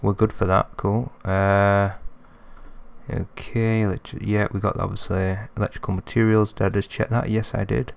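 A young man giving chatty let's-play commentary, thinking aloud and getting excitable. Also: lowish voice, normal speed, vocal fry. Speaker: gaming commentator.

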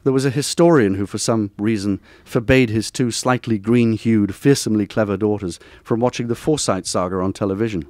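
A man, reading aloud from a personal essay at a bookstore event in a measured, wry, literary way. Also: fairly low pitch, darkish tone, no echo, clean studio sound. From Durham, northern England. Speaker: author reading from his book.

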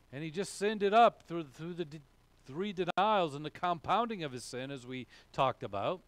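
A male pastor preaching a sermon, repeating key phrases and chuckling as he goes. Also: a little high.

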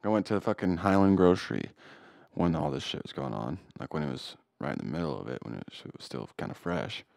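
A man's voice: very deep voice, lively intonation, fast talker, gravelly, darkish tone, no echo, studio quality. A young man co-hosting a podcast, giving blunt opinions and cursing freely. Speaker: podcast co-host. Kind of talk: casual chat.

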